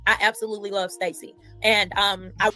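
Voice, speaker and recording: A woman speaking haltingly, restarting often as she gives a heartfelt apology. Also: mid-range voice, little pitch movement, bright, forceful tone, faint music behind. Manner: halting, with many restarts and fillers. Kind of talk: apologetic speech.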